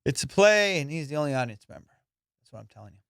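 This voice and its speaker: A man hosting a podcast, telling a story in casual chat, animated and profane, acting out both sides of a conversation. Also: fairly high pitch, fast talker, gravelly, clear, resonant tone, no echo, clean studio sound. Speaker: podcast host.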